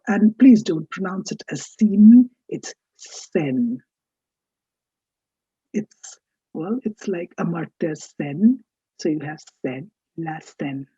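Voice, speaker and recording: A woman's voice: fairly low pitch, mellow, breathy edge, no echo, muffled recording. A woman teaching a recorded French lesson, explaining carefully and correcting pronunciation. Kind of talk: recorded online lecture.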